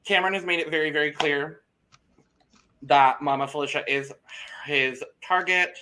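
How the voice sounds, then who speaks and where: Bright, animated gossiping man. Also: on the high side, normal speed, a little hiss or hum. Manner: animated, gossipy, swears freely. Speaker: podcast co-host. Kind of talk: casual chat.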